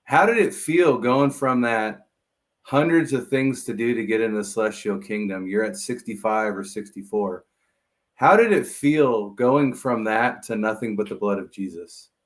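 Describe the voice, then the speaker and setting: A man with a plain, slightly halting conversational manner, asking an interview guest questions. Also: on the low side.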